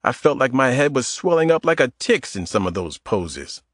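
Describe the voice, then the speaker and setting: A man's voice: mid-range voice, big pitch swings, moderate pace, dry recording, studio quality. A man voicing a wisecracking, self-mocking man in his forties in an audiobook. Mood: joking. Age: 40s. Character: mid-forties man, stiff and sore, joking flirt.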